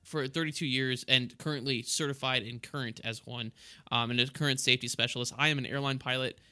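A man, an airline pilot co-hosting a podcast, explaining jargon in relaxed chat and laughing easily. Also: mid-range voice, fairly quick.

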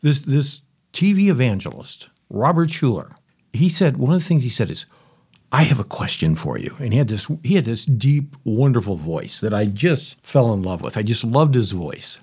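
Husky middle-aged guy telling a story on his podcast, voice swoops up and down a lot. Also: mid-range voice, moderate pace. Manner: animated storyteller, repeats key phrases. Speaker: podcast host. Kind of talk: personal storytelling.

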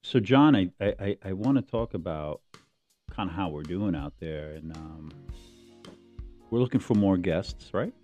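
Lively low-voiced joking podcast co-host. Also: male voice, measured pace, dull audio, soft background music. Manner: teasing, jokey. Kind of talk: casual banter.

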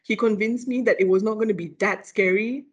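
A woman with a Malaysian English accent, a lecturer telling a ghost story in casual chat, animated and full of fillers and laughs. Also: mid-range voice, fairly quick, breathy edge. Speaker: lecturer, guest.

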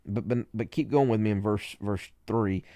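A male preacher talking to other preachers, halting and repeating words with many fillers, and raising his emphasis when he reads scripture aloud. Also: fairly low pitch, warm tone, dry recording, clean studio sound. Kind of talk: teaching talk to preachers.

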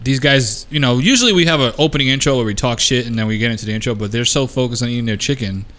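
A man's voice: mid-range voice, very fast, fairly bright tone. A young man with a New York accent hosting a casual podcast, joking loosely and swearing freely while his guests eat. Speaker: podcast host.

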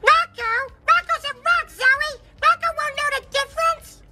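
A man's voice: very high voice, a little slow, heavy background noise. A man voicing a small, whiny male monster child who speaks of himself in the third person, in a children's puppet show. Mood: indignant.

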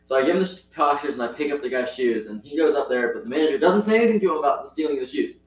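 A man's voice: on the high side, lively intonation, racing. A man chatting casually about his retail job, retelling stories animatedly and acting out the voices of the people involved. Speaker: retail store worker. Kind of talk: casual storytelling chat. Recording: echoey room, voice from far off the mic.

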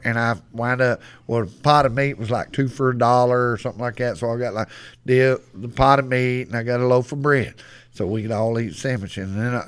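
Middle-aged west texas guy telling rowdy stories on a podcast, cussing and laughing. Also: mid-range voice. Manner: drawling, profane, laughing storyteller. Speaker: guest. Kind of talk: casual storytelling.

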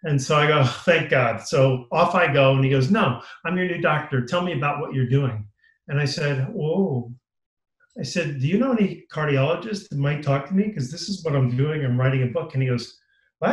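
A man's voice: medium pitch, reverberant, low-quality recording. A man telling a personal story as an interview guest, acting out what others said to him and becoming tearful as he relives it. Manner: animated storyteller acting out quoted dialogue, voice rising when moved. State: tearful, emotional. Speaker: guest, author.

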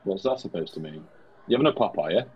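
A British man co-hosting a comedy podcast, giving dry, deadpan replies in scripted pub banter. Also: low voice, fast talker, husky, dull audio. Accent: British English. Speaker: podcast co-host.

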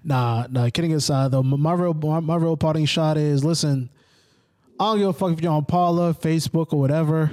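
A man co-hosting a casual podcast, joking and ranting in an animated, preachy way with lots of swearing. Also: a little high, a little fast. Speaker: podcast co-host. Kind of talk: casual profane podcast chat.

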